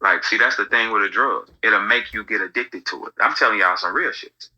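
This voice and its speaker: A man hosting casual commentary, telling stories in an animated, profane way. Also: on the low side, fairly quick, slightly rough, poor audio. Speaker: host.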